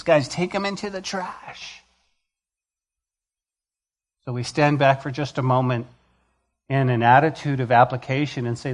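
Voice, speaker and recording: A man preaching a sermon to a church, swinging between loud emphatic lines and quiet, intimate ones. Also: medium pitch, measured pace, long pauses. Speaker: pastor.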